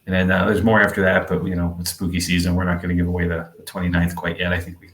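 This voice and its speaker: A man's voice: low-pitched, monotone, racing, a bit bright, reverberant. A man co-hosting a podcast in meandering, chatty conversation, full of fillers. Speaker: podcast co-host. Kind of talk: casual podcast chat.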